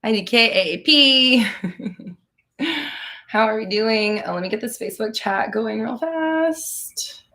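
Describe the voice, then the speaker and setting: This woman runs a live-stream Q&A as a manifestation coach, chatty, blunt, cursing liberally and laughing between comments. Her fairly high voice is bright, expressive and forceful, and she speaks at a slow pace.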